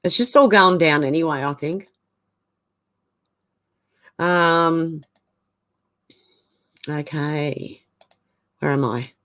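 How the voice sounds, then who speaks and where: An Australian woman with a deep voice hosts a chatty live stream from a room in her home, reading comments and greeting viewers by name with a bright, lilting "how you going." She draws out her words and pauses often.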